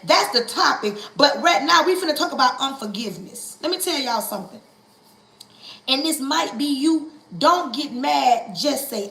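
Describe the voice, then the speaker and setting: A woman's voice: high-pitched, bright, forceful tone, echoey room, low-quality recording. A woman preaching on a livestream, coaxing listeners and hammering her points through call-and-response and repetition. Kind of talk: impassioned livestream sermon.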